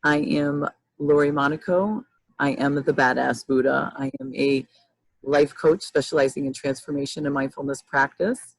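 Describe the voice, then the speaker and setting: Husky woman in her fifties hosting. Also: very deep voice, steady tone, normal speed, no room sound, low-quality recording. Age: 50s. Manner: rambling, restarts often. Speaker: host, life coach. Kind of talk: casual livestream chat. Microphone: video call.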